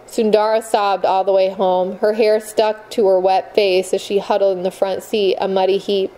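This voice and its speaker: A woman narrates a novel aloud with measured, expressive pacing. Her voice is warm and mellow, sitting at a middling pitch. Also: rough recording. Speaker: audiobook narrator. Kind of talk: scripted narration.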